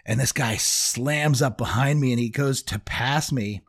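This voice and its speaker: A man's voice: medium pitch, unhurried, fairly bright tone, husky. Rambling, laughing middle-aged man. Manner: rambling, restarts, laughs often. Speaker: podcast co-host. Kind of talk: casual chat.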